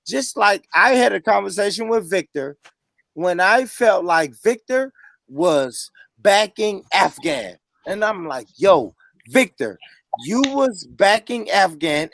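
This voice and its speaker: A man's voice: sits high, gravelly, a bit bright, no echo. A man hosting a heated casual debate, emphatic and repetitive, often cutting in and swearing. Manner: emphatic, repetitive, interrupting, profane. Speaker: podcast host.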